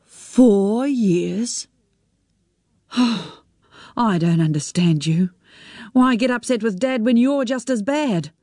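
Angry teenage son, blunt and bitter, read by a woman, slow measured delivery, dry close sound. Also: a little high, mellow, no echo, pitched above the performer's own voice. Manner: curt, bitter retorts.

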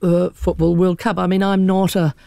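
A woman's voice: fairly low pitch, little pitch movement, moderate pace, creaky, warm tone, no echo, studio quality. A woman, a radio panelist chatting animatedly and laughing as she tells stories.

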